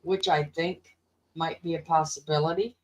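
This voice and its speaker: A woman's voice: deep voice, steady tone, moderate pace, poor audio. A woman in a casual chat, patiently explaining how to fix a streaming setup.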